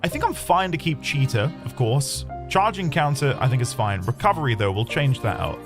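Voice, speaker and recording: A man chats his way through a game stream. His voice rises and falls all over as he rambles and mutters the odd curse, and game music plays clearly behind him. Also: mid-range voice, lively intonation, normal speed. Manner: chatty, rambling, swears lightly. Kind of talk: casual gameplay commentary.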